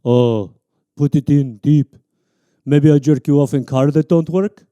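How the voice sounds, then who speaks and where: A man voicing a crude, blunt Russian woman who speaks loud, broken English with a put-on Russian accent. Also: on the high side, a little slow, no room sound, voice pushed down, lightly acted. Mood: demanding.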